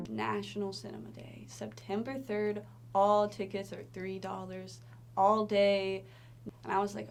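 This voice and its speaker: A woman's voice: mid-range voice, moderate pace, creaky, faint music behind. Chatty young woman telling a story. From Tennessee, US. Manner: chatty, animated retelling, frequent "like" fillers and laughs. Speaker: movie theater worker. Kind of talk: casual storytelling interview.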